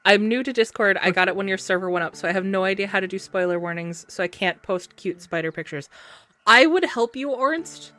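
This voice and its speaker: A woman's voice: mid-range voice, lively intonation, fairly quick, pushed and bright. A woman streamer chatting casually while gaming, telling stories and laughing often. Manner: giggly, chatty storyteller.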